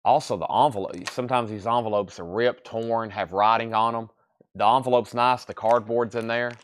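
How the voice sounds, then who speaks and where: A man's voice: medium pitch, fairly even intonation, normal speed. A man hosting a live online sale, chatting in a folksy, easygoing salesman patter and sounding tired. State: sleepy, yawning. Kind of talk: live auction selling.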